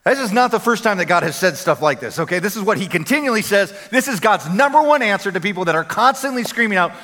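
A man preaching a sermon as a pastor, energetic and conversational, repeating phrases for emphasis. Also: high voice, fast talker, few pauses. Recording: long hall reverb.

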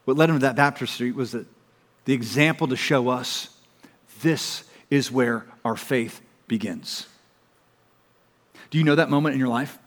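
A pastor preaching a sermon, emphatic, swinging from loud appeals to soft, hushed pleas. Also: male voice, medium pitch, normal speed, pauses often. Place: church auditorium. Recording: long reverb of a large hall.

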